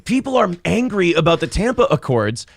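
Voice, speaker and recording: Man, podcast co-host, high animated delivery, sarcastic ranting, profane banter. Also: brisk, vocal fry, no room sound, clean studio sound. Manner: ranting, sarcastic, mocks critics in shouted voices.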